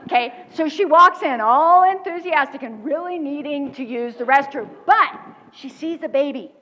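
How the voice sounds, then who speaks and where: High-voiced woman giving a keynote. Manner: animated storytelling, quick laughs. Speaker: keynote speaker. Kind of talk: motivational keynote speech. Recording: dull recording with long hall reverb.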